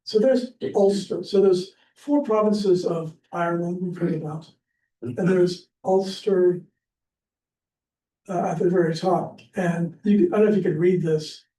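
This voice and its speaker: High-voiced man lecturing in an echoey room. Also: fairly even intonation, a little slow, warm tone. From Pennsylvania. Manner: chatty, rambling, with many fillers and restarts. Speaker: church class teacher. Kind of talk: informal history lecture. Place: church classroom. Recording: echoey room, distant mic, faint hiss.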